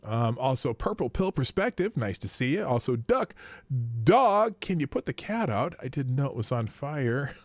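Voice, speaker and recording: A man's voice: mid-range voice, very animated, normal speed, few pauses, no room sound. A man hosting a casual live-streamed morning show, rambling as he greets his viewers by name.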